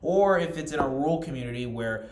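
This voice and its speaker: A young man giving a class presentation, reading from notes and then explaining in his own words, earnest and steady with frequent restarts and fillers. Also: fairly high pitch, fast, roomy sound. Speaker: student presenter.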